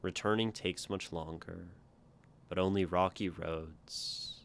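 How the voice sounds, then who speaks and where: A man's voice: sits low, takes it slowly, a bit bright, a little hiss or hum. A man on a casual livestream reading viewers' poems aloud and picking them apart, tapping out the meter with "ba-dum" sounds and checking in with "right?" as he thinks aloud. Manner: reads verse aloud, then taps out meter with "ba-dum" sounds. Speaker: streamer critiquing viewer poetry.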